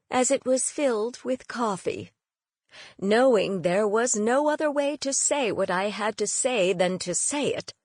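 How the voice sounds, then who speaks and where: Woman, audiobook narration, first person, wry, unhurried, close dry sound. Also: mid-range voice, dry recording. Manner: wry, measured storytelling.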